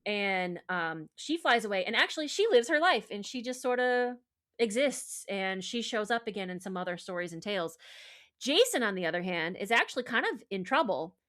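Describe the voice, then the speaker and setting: A woman's voice: mid-range voice, animated, normal speed, a bit bright. A woman podcast host retelling a myth in casual chat, with lots of fillers and profanity. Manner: chatty, profane, filler-heavy.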